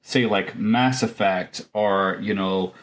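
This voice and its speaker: A man talking on a casual podcast with a fairly low voice. He rambles along, full of "like" and restarts, as he works through his point with his friends. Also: steady tone, takes it slowly. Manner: rambling, many fillers and restarts. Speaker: podcast co-host. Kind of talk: casual chat.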